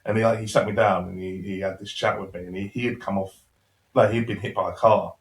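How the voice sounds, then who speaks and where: A young man, a podcast guest, telling a personal story in a lively, casual way, acting out dialogue and swearing now and then. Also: on the low side, fast. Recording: roomy echo.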